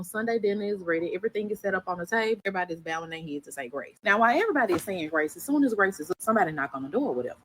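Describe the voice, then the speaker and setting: A woman's voice: medium pitch, slight background noise, low-quality recording. A young woman, telling a storytime in a sassy, profane, chatty way. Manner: sassy, profane, animated quoting of characters. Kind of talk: casual second-person storytime.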